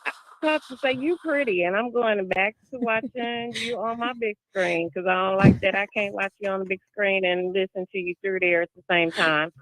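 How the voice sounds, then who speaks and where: A woman's voice: mid-range voice, a little fast, a bit bright, dry recording, poor audio. A woman calling in to a radio show. She is playful and teasing, and she heaps on compliments. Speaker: caller. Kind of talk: casual call-in chat.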